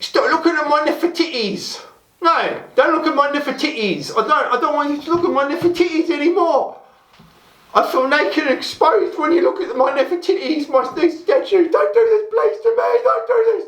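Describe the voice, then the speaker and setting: Indignant statue with a London accent, high and squealing, a bit echoey, put on by a man. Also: lively intonation, normal speed, a bit bright. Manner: squealing protests, rising high. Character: prim indignant statue fussing about being stared at. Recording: roomy echo.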